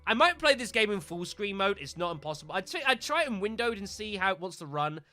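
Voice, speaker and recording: Animated, bright-voiced male game streamer. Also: high-pitched, fast, soft background music. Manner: exasperated, animated, addresses viewers as folks. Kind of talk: live gameplay commentary.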